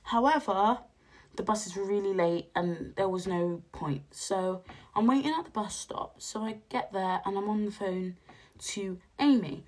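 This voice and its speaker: A young woman with a hoarse, husky voice, chatting casually as she recounts a night out in an animated, slangy way. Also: unhurried. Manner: animated, slangy, jumps to high exclaims when quoting. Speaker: podcast host.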